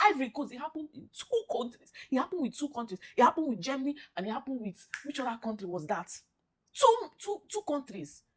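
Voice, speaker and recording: A woman's voice: sits high, a bit bright. A young woman with a Nigerian accent ranting as an upset football fan, pleading and repeating herself. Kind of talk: emotional reaction rant.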